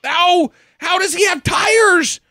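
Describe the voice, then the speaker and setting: A man co-hosting a podcast, recapping a movie plot with excited disbelief and casual swearing. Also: very high voice, slow, dry recording, raised voice, studio quality. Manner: excitable, incredulous, swears freely. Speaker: podcast co-host.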